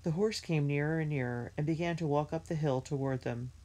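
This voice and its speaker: A woman's voice: sits low, warm tone. Woman reading a children's story aloud. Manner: clear, measured storytelling. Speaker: reader.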